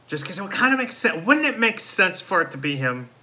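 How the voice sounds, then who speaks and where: A man's voice: high voice, very animated, fairly quick, sharp tone, low-quality recording. A man hosting a live show in casual chat, reading out viewer comments and answering them in a tired, let-down way. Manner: frustrated, deflated fan talk. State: tired, yawning. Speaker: host of a live fan show.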